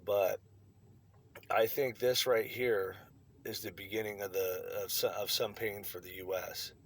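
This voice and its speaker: Lowish-voiced guy ranting to camera, blunt and sweary. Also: fairly even intonation, unhurried, breathy edge. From United States. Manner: blunt, profane, riled-up. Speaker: vlogger. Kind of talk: opinion rant to camera.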